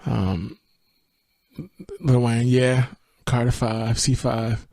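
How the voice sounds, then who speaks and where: Gravelly-voiced man reviewing music. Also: mid-range voice, extremely slow, dry recording. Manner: relaxed, thinking aloud with fillers and restarts. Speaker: podcast host. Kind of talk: music review podcast, reading lyrics aloud.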